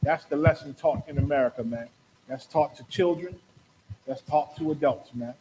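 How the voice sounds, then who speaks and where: A man's voice: a little high, normal speed, dark tone, slight background noise, poor audio. A man hosting a talk show, giving impassioned, preachy religious commentary and acting out quotes. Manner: preachy, rhetorical, acts out quotes. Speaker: podcast host.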